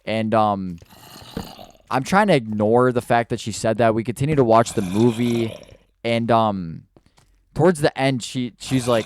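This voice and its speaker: A man's voice: lowish voice, unhurried. A man telling a spooky personal story in a casual, rambling way while he plays a video game, stumbling over restarts and fillers.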